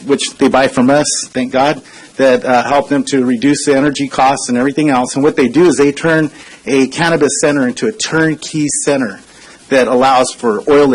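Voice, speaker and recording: Speaking earnestly at public comment, a forties-aged consultant stands at the council chamber podium and talks conversationally, with lots of hesitation and frequent "uh"s. His mid-range voice comes through on poor audio.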